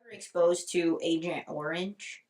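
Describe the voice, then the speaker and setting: A man's voice: a little high, steady tone, measured pace, a little mellow, reverberant, far from the mic. A man interviewing a veteran, asking short questions and giving brief replies, heard from off-mic.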